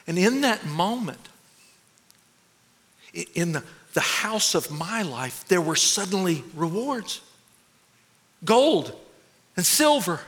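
A man performing a theatrical stage monologue, expressive and animated, with nervous, self-mocking laughs. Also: sits high, slow, long pauses. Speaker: stage storyteller. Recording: long hall reverb.

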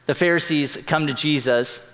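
Pastor, male, earnest sermon delivery, slightly high voice, reverberant sanctuary. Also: a bit bright. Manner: earnest, emphatic preaching with quick bursts and slow stressed lines. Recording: long hall reverb.

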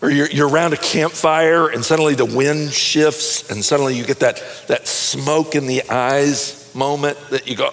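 A middle-aged man preaching a sermon in a conversational, animated way, telling stories and often repeating words as he starts a phrase. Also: mid-range voice, moderate pace, few pauses, big-room sound. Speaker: pastor. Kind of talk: sermon with storytelling.

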